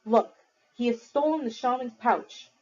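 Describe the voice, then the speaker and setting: A woman's voice: a little high, unhurried, mellow, voice pushed up. A woman voicing a hostile male clan hunter who growls accusations. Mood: accusing. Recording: dull lo-fi recording.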